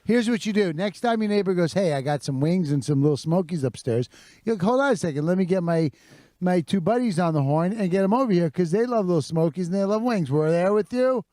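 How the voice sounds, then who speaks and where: Wisecracking sidekick, a man with a fairly high voice and a dry, close sound. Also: expressive, a little fast, dark tone, no room sound. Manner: wisecracking, teasing. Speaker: co-host. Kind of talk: comedic banter.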